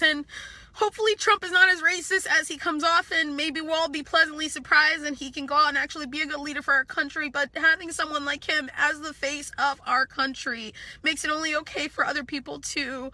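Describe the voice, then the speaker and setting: A young woman vlogger, crying and nervous, talking haltingly in an emotional monologue and repeating her words. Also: high voice, steady tone, bright, forceful tone, no room sound. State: tearful, crying. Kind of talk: emotional live-stream monologue.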